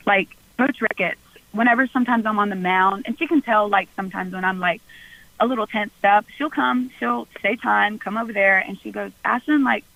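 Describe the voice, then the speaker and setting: A young woman from Mississippi, a college softball pitcher talking earnestly and chattily as a guest in a radio interview, full of "like" fillers. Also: vocal fry, no room sound, poor audio. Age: young adult.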